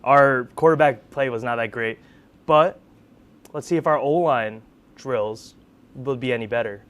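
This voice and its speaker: A man's voice: medium pitch, measured pace, fairly bright tone. A man co-hosting a student sports show, presenting segments with playful banter.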